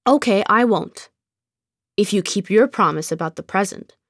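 A woman's voice: mid-range voice, normal speed, no room sound, clean studio sound, natural voice. A woman reading aloud and voicing a stubborn, demanding five-year-old girl in a storybook. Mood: curious. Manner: bossy, demanding, blunt. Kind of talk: audiobook character reading.

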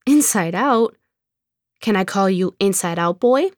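A blunt, bossy five-year-old girl from a storybook, put on by a woman reading aloud. She makes demands in a raised, childish tone at an unhurried, deliberate pace. The sound is close and dry. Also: mid-range voice, animated, no echo, natural voice. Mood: curious. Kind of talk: audiobook character reading.

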